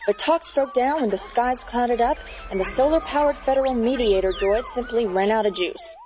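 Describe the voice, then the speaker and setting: A polished anchorwoman, voiced by a woman, reads the headlines in a spoof newscast. Her slightly high voice stays smooth and steady. It sounds dull and lo-fi, with faint music. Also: moderate pace, natural voice. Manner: smooth, crisp newsreader delivery.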